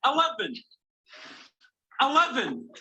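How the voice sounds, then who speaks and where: An actor with a Scottish accent playing an exasperated man stuck in a voice-controlled lift, repeating himself and shouting. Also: very high voice, sing-song, takes it slowly, noisy background, full character voice. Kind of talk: comedy sketch acting.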